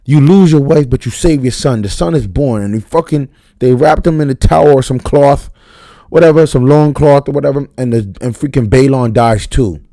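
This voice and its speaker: A man giving an unscripted, profane, slang-heavy recap of a TV episode, talking fast and getting worked up. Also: medium pitch, warm tone, no room sound. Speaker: TV show reviewer.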